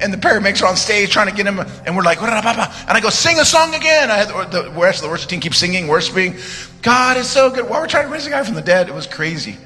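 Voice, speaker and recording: A man preaching a live church sermon, telling stories with joking asides and sudden shouted commands. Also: high voice. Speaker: guest preacher. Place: church sanctuary. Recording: live church sermon, reverberant hall, music underneath.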